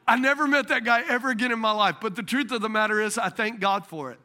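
A man preaching a sermon as a pastor, telling stories in an animated way. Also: high-pitched, quick pace, few pauses.

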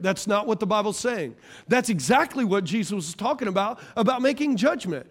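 A man in his forties preaches a sermon with a high voice. He is animated and jokes often, and his voice swings from loud bursts to near hushes. He keeps checking in with the congregation for amens. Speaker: pastor.

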